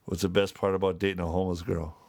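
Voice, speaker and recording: Low-voiced joking male podcast co-host. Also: level tone, rapid-fire, gravelly, darkish tone. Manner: joking, jumps into silly put-on voices. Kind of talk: casual chat.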